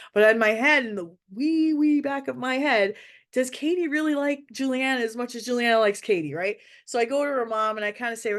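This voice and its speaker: A woman with a slightly high voice tells a personal story about raising her child. She talks casually and candidly and often goes back to restart a phrase. Her tone is open and conversational, like she is talking to other parents. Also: fairly quick. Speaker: mother sharing parenting advice.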